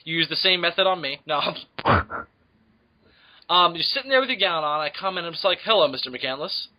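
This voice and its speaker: A young man co-hosting a podcast, loud and crude, laughing a lot as he jokes. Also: high voice, animated, a little fast. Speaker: podcast co-host. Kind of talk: crude comedy banter.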